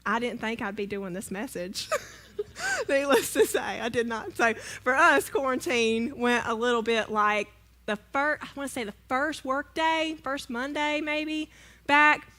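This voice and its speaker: A woman's voice: high voice, lively intonation, unhurried, sharp tone. A woman, speaking to a church congregation, telling a humorous personal story in a chatty, self-deprecating way and asking the audience questions. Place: church sanctuary.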